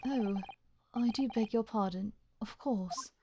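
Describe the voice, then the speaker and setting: A woman voicing a timid male former prison warder who speaks softly and apologetically in a game. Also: a little high, slow, breathy edge, exaggerated voice. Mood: meek. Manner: soft, apologetic, subdued.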